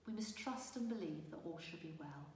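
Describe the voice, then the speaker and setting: A woman voicing a gentle, patient female fairy teacher with a warm, honeyed, reassuring manner, recorded from a distance in a reverberant room. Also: on the low side, moderate pace, slight background noise, lightly acted. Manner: reassuring, encouraging.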